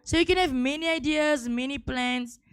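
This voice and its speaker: A woman's voice: high-pitched, normal speed. A woman preaching a sermon, repeating key words and building to emphatic peaks.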